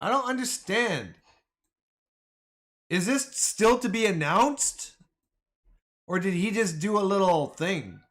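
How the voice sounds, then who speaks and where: A man streaming live about the stock market, talking back to his viewers in excitable, slangy, casual commentary. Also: high-pitched, slow, pauses often.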